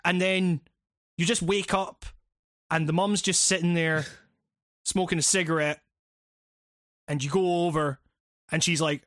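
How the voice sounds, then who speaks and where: A man talks through a game's story in loose, rambling chat, peppered with swearing and restarts. His voice sits high for a man. The recording is close and dry, with no room sound. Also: steady tone, moderate pace, long pauses, fairly bright tone, no echo. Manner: rambling, profane, with many fillers and restarts. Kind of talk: casual chat recapping a video game.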